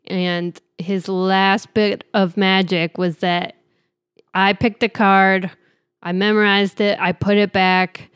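A woman co-hosting a casual podcast who tells lively, playful stories. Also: medium pitch, slow, clean tone, no room sound, studio quality. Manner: animated storyteller, playful. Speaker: podcast co-host. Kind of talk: casual chat and storytelling.

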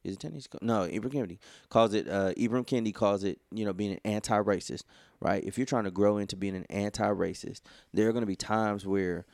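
A man's voice: lowish voice, steady tone, a little fast, a little mellow, dry recording, studio quality. A man co-hosting a podcast, talking casually and rambling with lots of "you know" fillers. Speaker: podcast co-host. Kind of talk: casual conversation.

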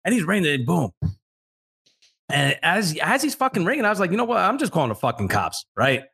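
Telling a story on his podcast, a male co-host talks fast in a high-pitched voice with vocal fry and breathiness. He's profane and animated throughout, performing the voices of the characters.

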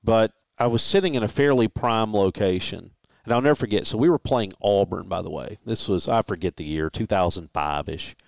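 A man's voice: lowish voice, lively intonation, a little fast, creaky, dry recording. A man co-hosting a casual sports talk show, telling stories and correcting himself, with a habit of laughing. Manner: storytelling, self-correcting, laughs easily.

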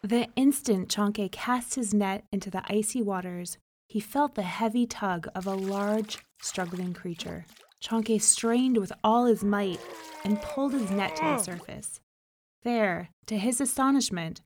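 A woman reading a folk tale aloud as storybook narration, calm and measured. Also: medium pitch, a little hiss or hum.

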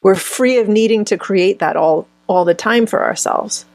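A woman's voice: mid-range voice, moderate pace, darkish tone, dry recording. A woman speaking as a healer guest in an interview, searching for words and often restarting phrases mid-thought. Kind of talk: conversational interview answers.

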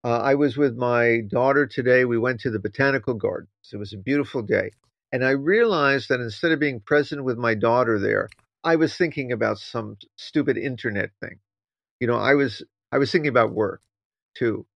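A man who teaches Zen, co-hosting a casual podcast discussion and talking in an animated, playfully teasing way. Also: medium pitch, moderate pace, creaky, no echo. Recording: dull, dry lo-fi sound.

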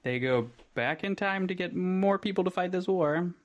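A man's voice: high voice, moderate pace. A man in a casual movie chat who makes joking, sarcastic quips.

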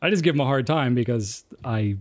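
Homem brincalhão lendo comentários. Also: male voice, medium pitch, lively intonation, fairly quick. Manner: jokey, self-deprecating, laughs often. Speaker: co-host. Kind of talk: casual chat reading viewer comments.

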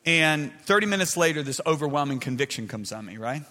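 A man's voice: a little high, expressive, fairly quick. Man preaching in a reverberant hall. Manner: swings between shouting and soft confiding. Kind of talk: sermon. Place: large hall with an audience.

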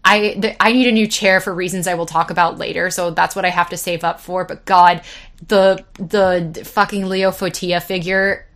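A woman's voice: lowish voice, steady tone, normal speed, fairly bright tone. A woman in her twenties hosting a casual solo podcast, rambling and swearing freely and laughing at her own jokes. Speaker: podcast host.

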